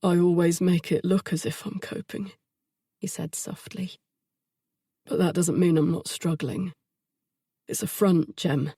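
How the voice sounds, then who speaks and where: A woman voicing a troubled young man in an audiobook, speaking softly and haltingly as he confesses. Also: fairly low pitch, steady tone, breathy edge, dry recording, clean studio sound, full character voice. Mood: weary. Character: troubled young adult man, weary and remorseful.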